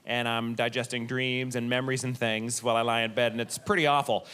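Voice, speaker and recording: A male stand-up comedian telling a rambling story on stage, acting out shouted lines. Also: medium pitch, level tone, fairly quick.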